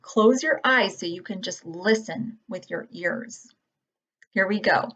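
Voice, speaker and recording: A woman teaching a phonics lesson to young children, modeling words in a gentle, patient, drawn-out way. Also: mid-range voice. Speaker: kindergarten teacher. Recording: dull lo-fi audio.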